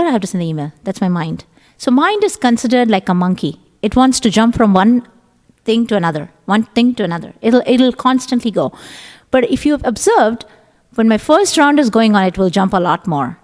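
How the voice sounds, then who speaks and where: In an echoey temple hall, a woman gives a conversational scripture class to a temple group, sometimes acting out her own thoughts in quotes. Her voice is a little high and a little mellow.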